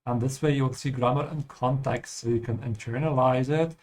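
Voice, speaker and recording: A man's voice: medium pitch, fairly even intonation, fairly quick, darkish tone. A man teaching a language over gameplay, explaining patiently and checking in with the listener with "yeah?".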